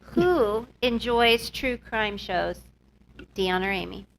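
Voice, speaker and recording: A woman's voice: medium pitch, slow pace, gravelly, a little hiss or hum, low-quality recording. A woman co-hosting a casual talk show, playful and teasing as she runs trivia questions. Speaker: co-host running trivia. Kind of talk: casual chat.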